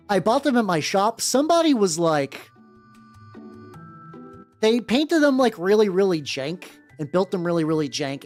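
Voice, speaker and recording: A woman's voice: on the low side, darkish tone. A woman chatting casually on a live stream while painting miniatures, rambling with lots of fillers and casual swearing. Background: faint background music.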